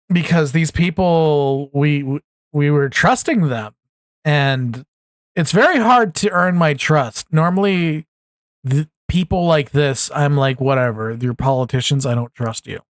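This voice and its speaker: Tired guy venting on his channel, kinda high voice, super dry sound, rambling and frustrated. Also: no echo. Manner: rambling, frustrated, restarts often. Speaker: commentary YouTuber. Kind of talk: casual political commentary. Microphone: USB desktop mic.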